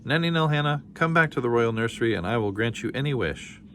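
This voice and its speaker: A man's voice: medium pitch, lively intonation, fast, fairly bright tone, a little hiss or hum, voice pushed up, lightly acted. A man reading a storybook aloud, voicing a bossy, petulant king who snaps and cries out. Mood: pleading. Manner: snapping, crying out.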